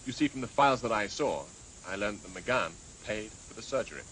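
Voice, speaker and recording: An actor in a TV drama playing a man who explains things briskly. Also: fairly low pitch, expressive, fairly bright tone, slight background noise, rough recording. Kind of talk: 1980s TV drama acting.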